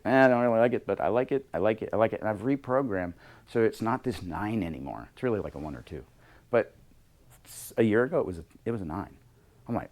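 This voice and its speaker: A middle-aged man leading a workshop on leadership, talking in a lively way and acting out bits of dialogue in different voices. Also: lowish voice, fast talker. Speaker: leadership coach. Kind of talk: workshop talk. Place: workshop room with a small group.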